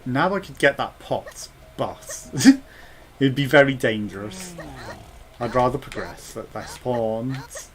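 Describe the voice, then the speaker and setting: Lively-voiced man thinking aloud. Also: medium pitch. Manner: chatty, thinks aloud, mutters asides. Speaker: let's play gamer. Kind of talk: casual gameplay commentary.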